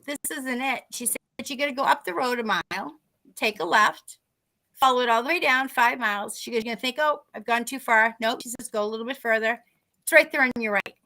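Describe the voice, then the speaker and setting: Bright animated woman telling a story. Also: fairly high pitch, brisk. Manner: animated, acts out quoted dialogue. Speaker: podcast co-host. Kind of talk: casual storytelling.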